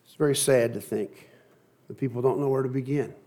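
A pastor giving a sermon in a conversational, lightly humorous storytelling manner. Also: male voice, mid-range voice, steady tone, a little fast, dark tone.

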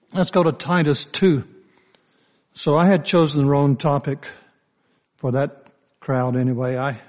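Folksy older Southern preacher. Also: male voice, a little high, darkish tone. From Southern United States. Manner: slow, folksy storytelling with frequent "you know, uh" fillers. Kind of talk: sermon.

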